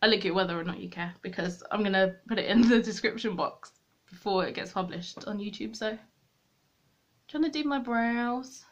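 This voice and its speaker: A woman's voice: medium pitch, steady tone, brisk. A young woman chatting to viewers while she does her makeup at a desk at home, rambling and poking fun at herself. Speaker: beauty vlogger. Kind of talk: chatty get-ready-with-me vlog. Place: room at home, at a desk with a mirror.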